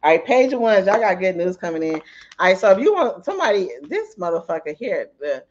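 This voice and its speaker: Guy doing a tarot reading, kinda high voice, swears a lot, laughs a bunch, dull lo-fi sound. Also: sing-song, a little fast, slight background noise. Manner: profane and chatty, laughs often; tells anecdotes mid-reading. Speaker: tarot reader. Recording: dull lo-fi audio.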